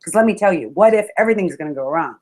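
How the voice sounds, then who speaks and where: A woman motivational speaker giving a webinar talk on public speaking, addressing listeners as friends with animated, expressive delivery and sudden exclamations. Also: on the low side, racing.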